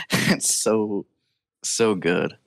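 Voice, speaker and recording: A man's voice: low-pitched, fairly even intonation, normal speed, fairly bright tone, dry recording, clean studio sound. A young man hosting a casual film podcast, enthusiastic and laughing often as he talks. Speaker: podcast host.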